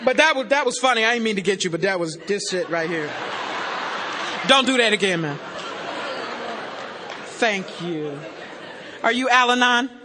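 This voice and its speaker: A woman giving a personal testimony to a live audience, emphatic and joking, sometimes shouting. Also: mid-range voice, expressive, normal speed, pauses often, crowd noise, background noise. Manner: emphatic, joking and shouting between earnest passages. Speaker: speaker at a recovery meeting. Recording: reverberant hall, live amplified talk.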